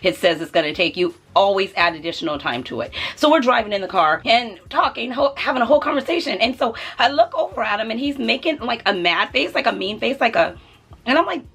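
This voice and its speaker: Chatty, husky-voiced woman vlogger. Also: on the high side, quick pace, hardly any pauses. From Southern California. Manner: animated, laughing storyteller. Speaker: beauty and lifestyle vlogger. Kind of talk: chatty storytime vlog.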